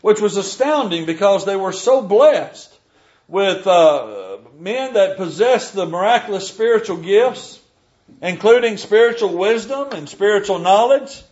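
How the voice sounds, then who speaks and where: A man's voice: high voice, expressive, a little slow, a little mellow, highs cut off. A man preaching a sermon, earnest and emphatic, reading scripture aloud.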